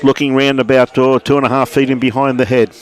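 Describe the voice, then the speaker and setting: A fast-talking Australian man with a mid-range voice gives relaxed live commentary on lawn bowls indoors at a club. He calls the play and greets viewers by name.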